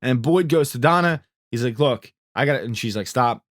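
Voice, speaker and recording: A man's voice: mid-range voice, expressive, moderate pace, dry recording, clean studio sound. A young man recapping TV episodes in casual chat, acting out the characters' lines as he retells scenes. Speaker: recap host.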